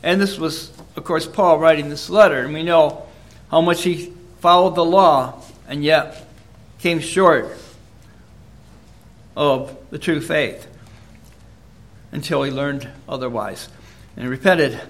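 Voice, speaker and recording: A man with a high-pitched voice delivers a sermon in an earnest, measured way. He reads scripture passages aloud between his own teaching points. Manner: measured, earnest, reads verses in King James wording. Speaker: preacher.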